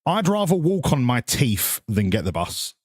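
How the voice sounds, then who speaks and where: A man's voice: medium pitch, very animated, moderate pace, dry recording, studio quality. A man streaming a game, chatting casually, swearing and riffing sarcastically while reading chat. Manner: sweary, sarcastic, rambling, reads chat aloud.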